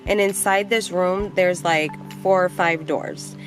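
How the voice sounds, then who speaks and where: A young adult woman vlogger telling a personal story in a casual, animated way, blunt and quick to swear. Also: fairly low pitch, over music.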